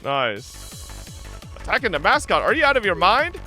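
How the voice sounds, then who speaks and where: Male streamer reading game lines, high lively voice, bright tone, faint music behind. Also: normal speed. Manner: animated, playful.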